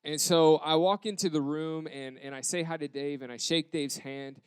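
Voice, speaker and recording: A young American man, a pastor, telling a story in a sermon with animated acted quotes. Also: a little high, normal speed, smooth, dry recording. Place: church campus.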